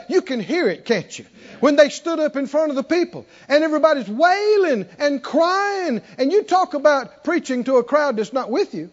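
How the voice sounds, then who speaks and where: A man preaching a sermon with animated emphasis, often asking the congregation questions. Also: extremely high pitch, normal speed, hardly any pauses. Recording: dull lo-fi recording.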